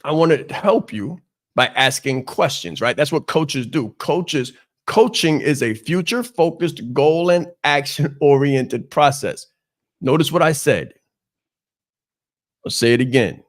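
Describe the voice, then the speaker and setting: Man, business coach, podcast host, emphatic, repetitive, slightly high pitch. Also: lively intonation, measured pace. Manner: emphatic, repeats key phrases. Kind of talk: motivational business talk.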